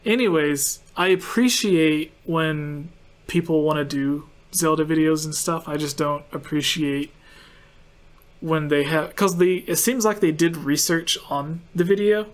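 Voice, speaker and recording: A man's voice: on the high side, unhurried. A man hosts a laid-back conversation, talking in a slightly raised register. He rambles and circles back, leaning heavily on fillers as he explains. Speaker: podcast host. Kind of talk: casual chat.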